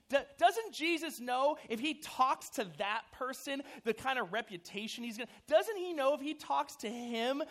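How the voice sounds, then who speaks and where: A youth pastor with a notably high voice preaches to a group of young teens. He talks loosely and animatedly, full of "like" and "you know". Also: a bit bright. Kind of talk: sermon.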